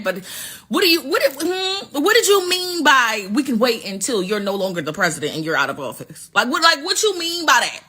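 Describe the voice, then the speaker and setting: A woman hosting a show, telling a story in casual, profane, animated commentary. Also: fairly high pitch, husky. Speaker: show host.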